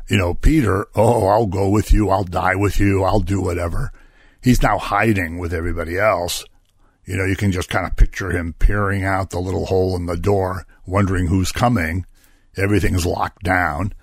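A man with a low, husky voice delivers a conversational Bible-study sermon. He keeps asking his listeners rhetorical questions and chuckles between points. His voice is close and dry, with no room sound around it. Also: dry recording. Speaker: preacher.

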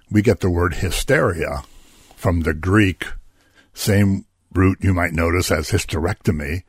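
A man with a low, husky voice delivers a conversational Bible-study sermon. He keeps asking his listeners rhetorical questions and chuckles between points. His voice is close and dry, with no room sound around it. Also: no echo. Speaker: preacher.

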